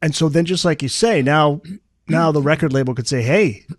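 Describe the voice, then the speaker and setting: Male podcast host, slightly high voice. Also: moderate pace, dry recording, studio quality. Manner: brief affirmations and follow-up questions. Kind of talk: casual interview.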